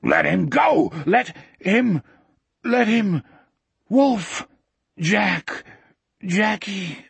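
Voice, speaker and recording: A cornered, desperate teenage boy shouting in anguish, his voice pushed high and cracking with strain, as a man reading aloud voices him. The husky, dry sound of an audiobook narrator stays close to the mic. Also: animated, extremely slow, pauses often, dry recording, exaggerated voice.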